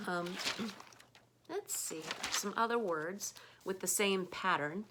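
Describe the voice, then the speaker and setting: A woman's voice: mid-range voice, takes it slowly, background noise. A woman with an American accent teaching English pronunciation in a casual, unscripted lesson, patient and full of ums as she demonstrates sounds.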